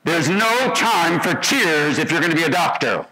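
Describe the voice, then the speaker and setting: A man's voice: low voice, expressive, moderate pace, in a large hall, poor audio. A man acting out a stern, cold male senior doctor who scolds a student curtly. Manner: curt and scolding.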